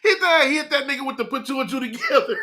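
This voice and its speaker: Young male host, keeps breaking into laughter, animated delivery. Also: extremely high pitch, fast talker, a little hiss or hum. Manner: laughing hard, breaking into giggles between words. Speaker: morning show host. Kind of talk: casual chat with live viewers.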